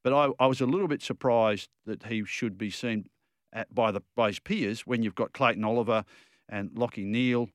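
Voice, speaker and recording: A man's voice: lowish voice, normal speed, no room sound, studio quality. An Australian man co-hosting a football radio show, talking in an opinionated, rambling way with frequent restarts. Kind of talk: casual radio chat.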